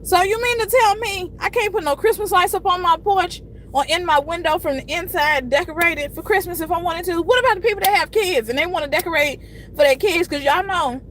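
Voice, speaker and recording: A frustrated woman in her thirties rants on a casual live stream, her voice pitched high as she vents and swears freely. A faint hiss of noise sits under her talk. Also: fairly bright tone, rough recording. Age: 30s. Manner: frustrated, venting, frequent cursing.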